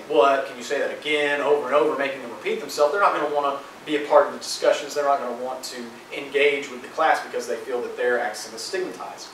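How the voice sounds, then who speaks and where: A man's voice: mid-range voice, fairly bright tone, a little hiss or hum. A young man giving a casual class presentation, with frequent fillers and restarts. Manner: informal, many fillers. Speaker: student presenter. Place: lecture room. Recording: echoey lecture hall, distant mic.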